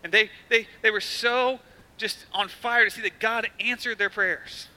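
Bright-voiced man preaching conversationally. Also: high voice, fairly even intonation, unhurried, low-quality recording. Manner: conversational storytelling preaching with acted quotes. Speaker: pastor. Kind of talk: sermon.

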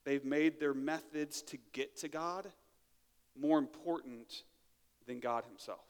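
A man's voice: fairly high pitch, takes it slowly, long reverb tail. A man preaching a sermon in a church, talking in a conversational way and often checking in with "right?". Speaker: pastor. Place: church sanctuary.

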